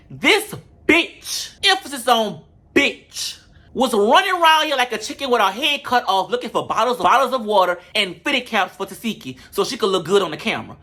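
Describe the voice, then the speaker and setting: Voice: medium pitch, bright, forceful tone. A vlogger giving a sassy, profane, comedic recap of a reality show and talking straight to viewers.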